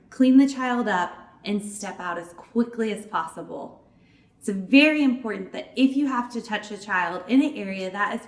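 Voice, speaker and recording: Woman trainer, step-by-step instructions, higher voice, roomy echo. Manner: warm, clear, explains step by step with acted examples. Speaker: children's ministry trainer.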